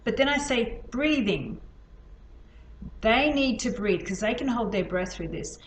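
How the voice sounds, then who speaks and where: A woman's voice: fairly high pitch, animated, normal speed, slight background noise. A woman teaching a healing technique in a casual, chatty way, demonstrating as she explains. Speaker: healing instructor. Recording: echoey room with faint ambience.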